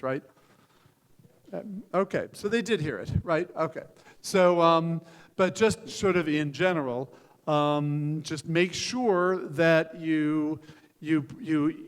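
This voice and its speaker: An older man coaches a founder on his pitch in a frank, joking way, stopping and restarting his sentences. His voice sits fairly high for a man. It is recorded in a hall with a long echo. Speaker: venture capitalist giving pitch feedback. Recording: hall reverb.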